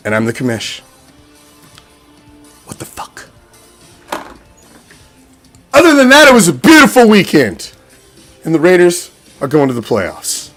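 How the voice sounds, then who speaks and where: A man with a fairly high voice holds forth as the host of a fan show, swearing freely and circling back over the same points. His delivery is heated and unscripted, with faint music running underneath. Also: fairly bright tone. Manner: profane, heated, repeats himself. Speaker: podcast host, sports fan.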